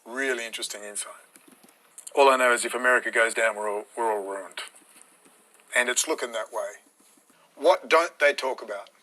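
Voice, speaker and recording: A man's voice: medium pitch, moderate pace, long pauses, pushed and bright, low-quality recording. A man, ranting bluntly and combatively on a live stream, swearing freely.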